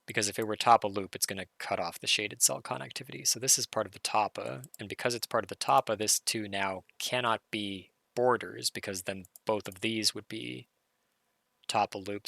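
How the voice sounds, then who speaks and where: Streamer, male, hoarse and gravelly, bright tone, dry close mic, live puzzle solve talked through aloud. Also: fairly low pitch, normal speed, no room sound. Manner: muttering, self-correcting, excited.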